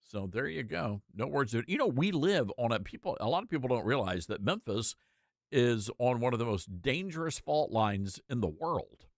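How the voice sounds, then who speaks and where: A man's voice: mid-range voice, very animated, normal speed, no room sound, studio quality. A man hosting a talk show, chatting casually and joking with laughing asides. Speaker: host.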